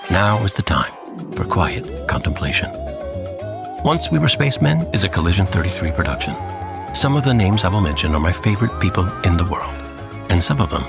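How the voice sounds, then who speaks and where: A man doing a deep, gravelly late-night announcer who croons the credits slowly and seductively. His low voice sits over clear background music. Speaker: podcast co-host reading credits. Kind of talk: mock-seductive credits read.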